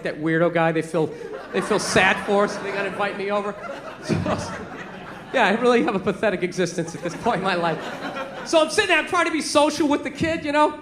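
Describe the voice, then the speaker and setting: A man's voice: very high voice, noisy background. A man doing a stand-up comedy routine, self-mocking and acting out other voices on a live stage. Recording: echoey stage recording with crowd laughter.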